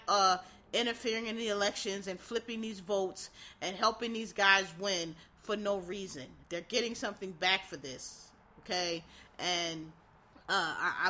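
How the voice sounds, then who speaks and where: Female solo commentator, forceful and bright, animated rambling delivery with profanity. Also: medium pitch. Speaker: political commentator.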